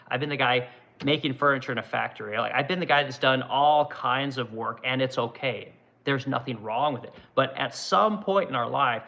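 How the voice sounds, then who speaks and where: A man's voice: medium pitch, vocal fry, bright, forceful tone. A middle-aged man hosting a woodworking livestream, ranting angrily with heavy swearing and frequent "right?" tag questions. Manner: angry, profane, repetitive "right?". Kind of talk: profane livestream rant. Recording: dull lo-fi sound.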